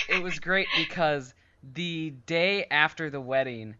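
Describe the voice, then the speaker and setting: A man's voice: on the high side, slow pace, a crowd in the background. A man co-hosting a podcast in casual chat, long-winded and full of fillers. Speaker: podcast co-host. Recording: dull lo-fi podcast recording.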